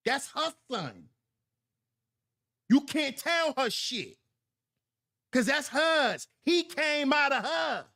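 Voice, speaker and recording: Livestream host, high-pitched man, very animated delivery, preachy and repetitive. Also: slow pace, pauses often. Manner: preachy, emphatic, repeats lines for effect. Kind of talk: livestream commentary reading chat.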